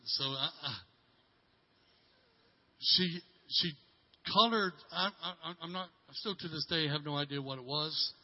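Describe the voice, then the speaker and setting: A middle-aged man preaches in a slightly high voice, telling a story with halting restarts and repeated words. He swings from loud emphasis to a hushed near-whisper. The sermon recording sounds dull and lo-fi. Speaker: pastor.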